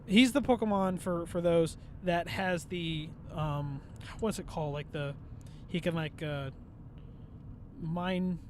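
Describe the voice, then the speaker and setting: High-pitched guy cohosting a podcast outside, animated and rambling, swears a ton, faint noise behind. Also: slow. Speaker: podcast co-host. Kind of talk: casual chat. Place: outdoors at a bridge.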